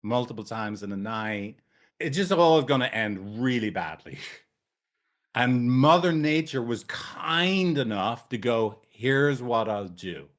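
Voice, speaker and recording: A man's voice: medium pitch, expressive, a little slow. Jokey, swearing male therapy trainer. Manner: loose, jokey, profane, tangents. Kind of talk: casual training talk.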